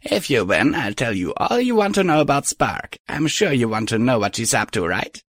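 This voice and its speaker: A man's voice: medium pitch, big pitch swings, normal speed, fairly bright tone, no echo, studio quality, voice pushed up. A man reading a story and voicing a coy, smug female alicorn pony villain who mocks lazily. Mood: taunting. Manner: teasing, lazily mocking. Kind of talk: audiobook reading of fan fiction.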